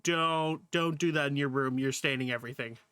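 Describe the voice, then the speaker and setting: A man's voice: medium pitch, brisk, fairly bright tone, clean tone, no room sound, clean studio sound. A male streamer chatting casually to viewers while reacting to a video, laughing often, swearing freely and exclaiming at what he sees. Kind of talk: casual livestream reaction chat.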